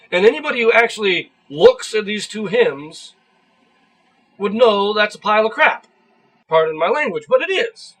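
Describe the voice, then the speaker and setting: A YouTube commentator talks solo in a video, explaining things earnestly and getting worked up and emphatic when he disagrees. His voice is on the high side, a bit bright and husky, and the recording quality is low.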